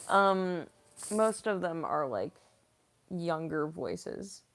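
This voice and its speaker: A young woman voice actress answering viewer questions on her stream, talking slowly and easily with plenty of "like" and a giggle never far off. Her voice sits a bit low for a woman. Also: animated, vocal fry. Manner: chatty, giggly, heavy on "like". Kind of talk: casual livestream Q&A.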